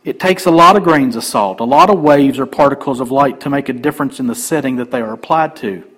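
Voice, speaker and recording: A man pastor preaching a sermon emphatically, swinging between loud declarations and quiet asides. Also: mid-range voice, fast, low-quality recording.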